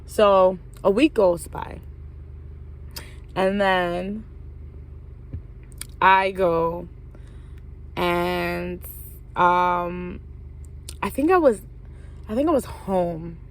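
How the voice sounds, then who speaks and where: A young woman vlogger tells a personal story in a casual vlog, her voice on the low side, extremely slow and full of pauses. Her talk is slangy and profane, with "like" in nearly every sentence.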